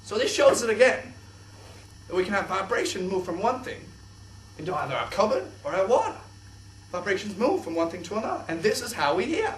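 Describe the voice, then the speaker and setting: A young man presenting a kids' science show in an exaggerated, excitable host voice. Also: high-pitched, a little fast, slight background noise. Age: young adult. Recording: echoey room, distant mic.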